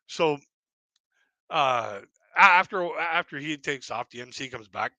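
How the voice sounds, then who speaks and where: Canadian guy rambling thru comedy stories, really bright voice, dry close sound. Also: fairly high pitch, expressive, measured pace, long pauses, no room sound. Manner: rambling, self-deprecating, laughs at his own jokes. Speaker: stand-up comedian. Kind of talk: stand-up storytelling on a live stream.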